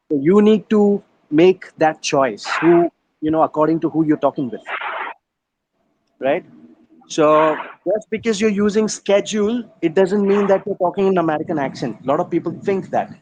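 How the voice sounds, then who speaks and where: On a low-quality recording, a man with a voice on the high side and a darkish tone teaches English over a video call. He has an Indian English accent, breaks words patiently into syllables and mixes in bits of Hindi.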